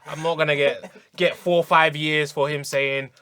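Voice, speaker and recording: A man with a bright, somewhat high voice tells a rambling story on a casual podcast. The sound is dry and close. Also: little pitch movement, normal speed, clear, resonant tone, dry recording. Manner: rambling anecdote telling, acts out quotes loudly. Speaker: jiu-jitsu competitor, podcast co-host. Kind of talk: casual chat.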